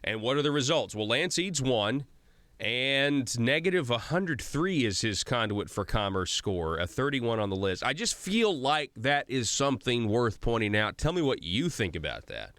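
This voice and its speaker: A man's voice: medium pitch, very animated, moderate pace, a bit bright, no echo. A man hosting a political talk radio show, reading through a ranking list and commenting in a conversational way with frequent fillers and restarts.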